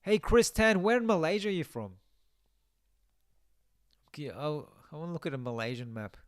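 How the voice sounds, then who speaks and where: A young man chats loosely through a live stream, answering viewer comments and thinking out loud. His voice sits a little high and comes through smooth and clear. The sound is dry and close, with no room echo. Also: sing-song, moderate pace. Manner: chatty, reads viewer comments aloud, muses to himself. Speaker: game streamer. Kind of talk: casual live-stream chat.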